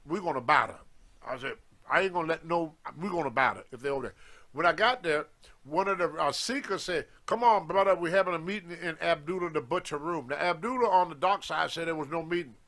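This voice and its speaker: A man telling a story in casual talk, animated and acting out the voices of the people in it, with loose grammar. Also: fairly high pitch. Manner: animated, acts out others' voices in his stories, loose grammar. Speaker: guest storyteller, former wrestler.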